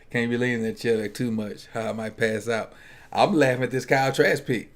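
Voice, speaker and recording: A man's voice: mid-range voice, a bit bright. A man talking casually at a football draft watch party. He jokes and thinks aloud, often restarting his sentences. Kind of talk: casual chat.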